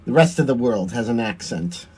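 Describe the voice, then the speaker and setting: A man's voice: mid-range voice, lively intonation, moderate pace, dark tone, slightly rough. A man with a Long Island accent, a drag performer chatting through a livestream while doing his makeup, answering viewer comments and laughing often.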